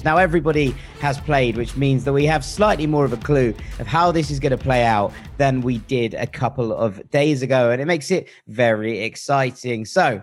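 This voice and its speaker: Man, podcast host, chatty, good-humoured banter, medium pitch, casual football chat.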